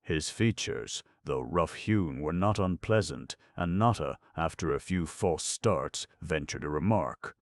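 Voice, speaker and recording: A man narrating a classic children's storybook in a steady, measured reading. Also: a bass voice, no echo. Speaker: audiobook narrator.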